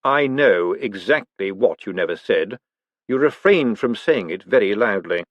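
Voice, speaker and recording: An icy, measured aristocrat who drops each word with calm menace, as a male narrator puts him on. The voice moves with a lively rise and fall. It sounds close and dry. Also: on the low side, no echo, lo-fi sound. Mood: cool menace. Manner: slow, measured, precise and icy.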